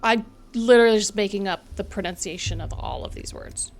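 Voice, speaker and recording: Sarcastic woman streamer, gravelly edge. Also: mid-range voice, a little fast. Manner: sarcastic, playful, self-mocking. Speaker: game streamer. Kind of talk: let's play commentary with read dialogue.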